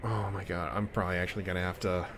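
A man's voice: low-pitched, flat delivery, very fast, background noise. A young man streaming a game, talking in a reflective, emotional way and sighing often. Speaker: gaming streamer. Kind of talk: let's play commentary. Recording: game music behind voice. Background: game music.

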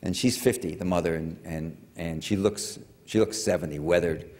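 An older man with a very low voice tells a long story to a lecture audience, wandering off on tangents and restarting his sentences. His voice rings with the long reverb of a big hall. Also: normal speed, a little mellow. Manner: rambling, digressive, many fillers and restarts.

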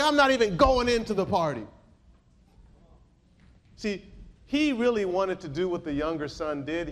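High-voiced, slow-preaching male pastor. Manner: preaching with calls to the congregation; reads scripture aloud in King James wording. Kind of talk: sermon.

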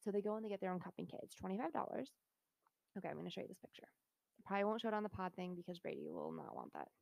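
A woman's voice: medium pitch, sing-song, very fast, vocal fry, a little mellow, no room sound. A woman co-hosting a podcast, chatting casually and playfully, bringing up the next topics. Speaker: podcast co-host. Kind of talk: casual chat.

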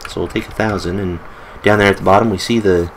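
A man's voice: low voice, fairly even intonation, fast, slight background noise, poor audio. A man giving casual gameplay commentary, chatty, with joking asides while reading game text aloud. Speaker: let's play host.

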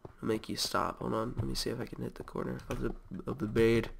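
Fast-talking and flat, a sick host with a nasal, creaky mid-range voice casually rambles over gameplay. He's chatty and easygoing, and there's slight background noise.

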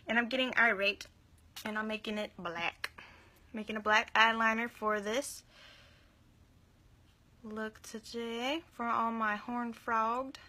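A woman's voice: fairly high pitch, sharp tone. A young woman giving a chatty, enthusiastic live makeup tutorial, gushing over the products she uses. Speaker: makeup vlogger.

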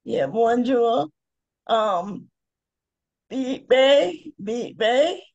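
A woman's voice: on the high side, animated, very slow, a little mellow, dry recording. A woman student on an online class, spelling a word hesitantly and unsure of herself. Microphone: video call. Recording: dull lo-fi video call audio.

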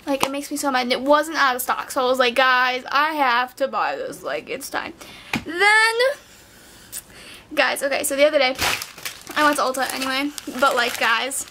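A woman's voice: high-pitched, animated, normal speed, noisy background. A teenage girl chatting casually through a makeup haul, gushing and filling her talk with "like" as she goes. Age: teens. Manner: chatty, gushing, heavy on "like" fillers. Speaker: beauty vlogger. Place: bedroom at night.

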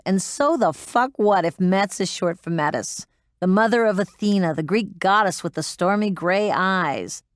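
A woman voicing a hardened former military pilot, blunt and profane, defensive when pressed. Her voice sits low for a woman, recorded dry and close for an audiobook drama. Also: no room sound, natural voice. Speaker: interviewee.

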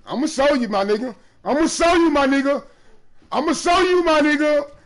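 A man streaming a basketball video game, taunting other players loudly, often breaking into shouts. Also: extremely high pitch, moderate pace. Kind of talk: trash talk during live gameplay.

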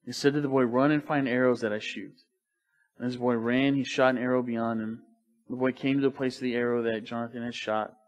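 A man preaching a sermon in church, animated and joking in a loose, colloquial way. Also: mid-range voice, fast. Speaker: pastor.

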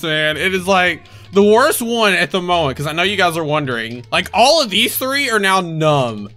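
A young adult commenting live on gameplay, panicky and yelping, with quick repeated phrases. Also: mid-range voice, big pitch swings, sharp tone. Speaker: gaming video creator. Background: game music.

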